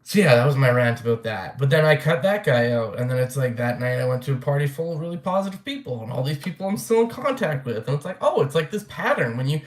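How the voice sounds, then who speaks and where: A man's voice: medium pitch, expressive, quick pace, hardly any pauses. Young man, casual vlog rant, blunt and profane, loose rambling delivery, roomy echo. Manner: rambling, blunt, swears freely, many fillers. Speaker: vlogger.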